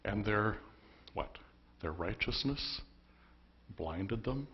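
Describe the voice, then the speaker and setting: A man's voice: lowish voice, lively intonation, slow pace, lo-fi sound. A man preaching a sermon as pastor, telling the story conversationally with emphatic bursts. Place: church.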